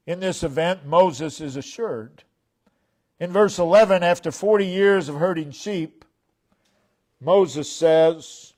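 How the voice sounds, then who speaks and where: A man with a high voice delivers a sermon at a slow, deliberate pace. He preaches with emphasis, pushing key phrases out loud and letting their endings drop soft, recorded in a church. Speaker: pastor. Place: church sanctuary.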